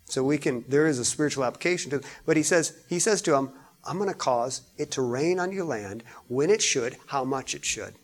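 Man preaching with swelling emphasis. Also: mid-range voice. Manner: preaching with rising emphasis, repeats words. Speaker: pastor. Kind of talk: sermon.

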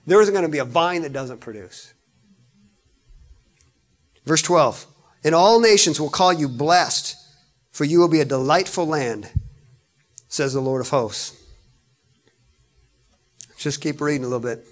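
A man's voice: fairly high pitch, lively intonation, measured pace, pauses often. A man preaching a sermon, reading scripture and explaining it with repetition and rising emphasis. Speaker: pastor.

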